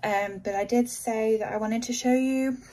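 A woman's voice: fairly high pitch, steady tone, moderate pace, dark tone, poor audio. A woman vlogging in casual chat to camera, tired and a little out of breath, rambling with lots of fillers, recorded on a phone in a small room.

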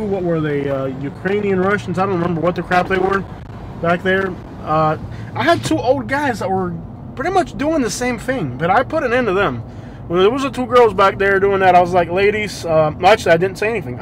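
A man, a rambling storyteller who laughs often, chatting casually while driving at night. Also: high voice. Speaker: rideshare driver vlogging. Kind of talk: casual driving vlog chat. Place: inside a car driving at night. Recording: faint street noise behind. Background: faint road and traffic noise.

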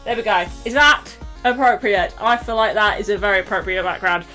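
A young woman from the UK chats a little fast in a medium-pitched voice over music. She's a bubbly, self-mocking vlogger talking casually through an unboxing, and she sounds slightly out of breath.

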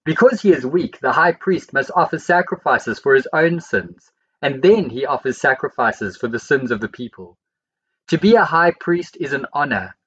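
A man reading the Bible aloud, verse by verse, in a steady and measured way. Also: medium pitch, breathy edge, muffled recording. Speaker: Bible reader.

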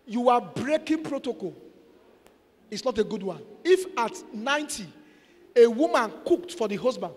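A man with a Nigerian accent preaching a sermon, exhorting and playful, mixing in Pidgin and bursting into shouts. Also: very high-pitched, expressive, normal speed, husky. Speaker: pastor. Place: church. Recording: echoey church hall.

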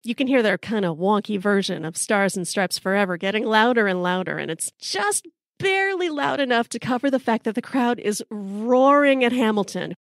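A woman's voice: mid-range voice, animated, a little fast, dry recording, studio quality. A middle-aged woman, hosting a podcast and telling a comic story with wry timing. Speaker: podcast host.

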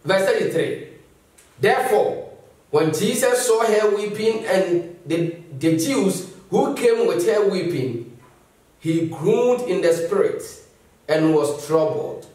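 A man preaching a sermon as pastor, moving between Twi and English and reading scripture slowly. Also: high voice, animated, a little mellow. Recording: echoey hall, voice from far off.

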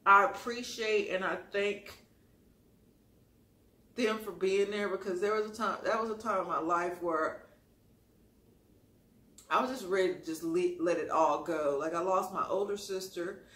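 High pitched guy spilling a personal story, sassy and bright, echoey room. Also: a little slow, pauses often. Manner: expressive, sassy, calls listeners honey. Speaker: storytime YouTuber. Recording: roomy echo.

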